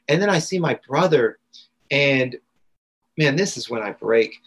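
Husky-voiced man telling a raw story. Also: a little high, a little slow, a bit bright, rough recording. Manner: intense, raw, vivid retelling. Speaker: guest, integration coach. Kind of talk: emotional personal storytelling.

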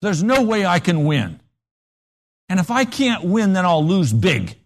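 Guy preaching a sermon, really lively pitch, leans hard on the drama. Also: unhurried. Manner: dramatic, emphatic storytelling.

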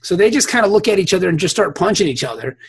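A man's voice: high voice, expressive, rapid-fire, creaky, slightly rough, no echo. A man co-hosting a podcast, recapping a TV episode in rambling, profane casual chat with frequent laughs. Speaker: podcast co-host.

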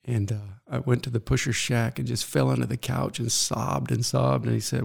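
Gravelly middle-aged man, earnest. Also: mid-range voice, level tone. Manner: earnest, halting, reflective. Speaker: guest. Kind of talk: personal story in an interview.

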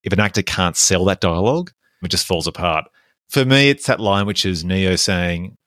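A man's voice: deep voice, lively intonation, normal speed, a bit bright, dry recording, clean studio sound. A man co-hosting a podcast, talking about movies at length in an enthusiastic, analytical way. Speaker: podcast co-host. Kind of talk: casual film discussion.

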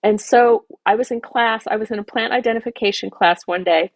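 A woman's voice: a little high, fairly quick, creaky, no echo. A woman, a garden designer and podcast guest, telling an emotional personal story with many asides.

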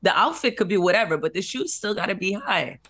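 A woman's voice: medium pitch, expressive, fairly quick, a bit bright. A woman co-hosting a radio show, talking in a sassy, blunt, laughing way. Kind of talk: casual radio banter.

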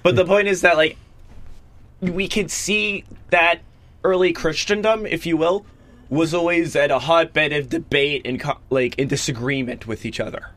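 A man's voice: on the high side, normal speed, a bit bright. A young man in casual discussion, explaining eagerly and at length in a rambling way.

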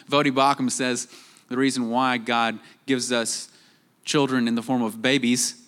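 Animated male preacher acting out quotes. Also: clear, resonant tone. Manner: animated, acts out quoted voices with rising pitch; drops to quiet, slow emphasis on key points. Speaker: pastor. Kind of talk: sermon.

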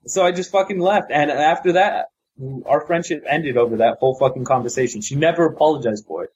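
A man's voice: a little high, a little fast, darkish tone, muffled recording, a little hiss or hum. A man co-hosting a podcast, telling a casual story with lots of swearing and fillers. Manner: profane, rambling with many fillers. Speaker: podcast co-host.

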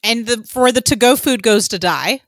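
A woman's voice: on the high side, expressive, normal speed, a bit bright, dry recording, studio quality. A woman co-hosting a casual podcast, chatty and loose, with lots of ums and the odd swear word. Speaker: podcast co-host. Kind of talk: casual chat.

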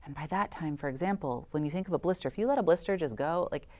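A woman's voice: sits low, fast, darkish tone. A woman who works as a voice specialist, giving enthusiastic explanations as a guest in an interview.

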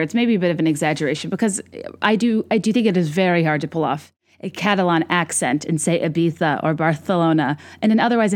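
Wry, rambling woman podcast host. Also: on the low side. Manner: wry, self-deprecating, rambling asides. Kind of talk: casual comedic monologue.

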